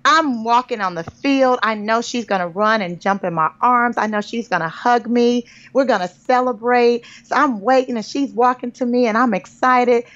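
Animated woman author telling a story. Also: fairly high pitch, normal speed, hardly any pauses. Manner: animated storyteller, calls listeners "girl". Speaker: guest author. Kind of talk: casual podcast storytelling. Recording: dull lo-fi podcast audio.

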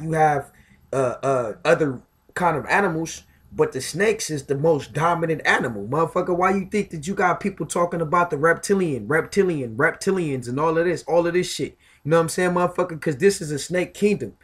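A man with a slightly higher-pitched voice holds forth in a casual, profane spiritual monologue. He talks with heavy emphasis, keeps looping back to filler phrases, and stumbles over repeated words as he pushes his point. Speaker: self-styled spiritual commentator.

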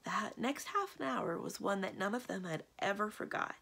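Gravelly woman reading a kids' story. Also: medium pitch, normal speed. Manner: expressive, lively storytelling. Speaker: librarian reading aloud. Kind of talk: children's book read-aloud.

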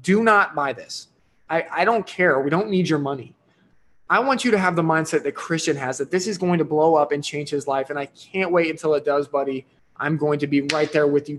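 A man with a fairly high voice delivering an energetic livestream sales pitch for his course. He talks in a pushy, excited way and keeps checking in with his audience. His tone is upbeat and persuasive. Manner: enthusiastic and pushy, with frequent "right?" and "here's the deal". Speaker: online course creator hosting a live sales stream.

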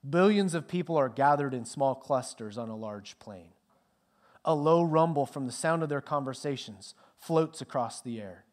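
A middle-aged male pastor preaching a sermon with dramatic swings from loud emphasis to hushed near-whispers. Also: medium pitch, animated, normal speed.

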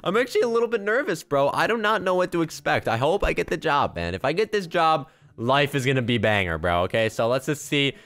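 A young man giving excited, chatty gameplay commentary, talking straight to his viewers. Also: on the high side, fairly quick, few pauses. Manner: excitable, chatty, addresses viewers as guys and bro. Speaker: gaming YouTuber.

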